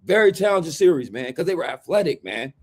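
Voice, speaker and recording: A high-voiced man talking basketball with a hyped, preachy swagger. He speaks, and his delivery keeps rising into loud, animated riffs. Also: fast. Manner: hyped, preachy, swings into shouting impressions. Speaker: podcast co-host, basketball fan. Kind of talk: animated sports chat.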